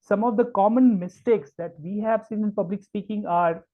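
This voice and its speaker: High-pitched guy from india teaching public speaking on a video call, emphatic, lots of uhs, tinny phone-like sound. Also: normal speed. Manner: emphatic, stretches key words, many fillers. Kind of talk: online workshop lecture.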